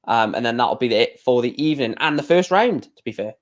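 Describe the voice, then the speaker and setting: A man's voice: mid-range voice, animated, brisk. A young man hosting a livestream watchalong, giving casual running commentary on darts with chatty, opinionated and grumbling asides.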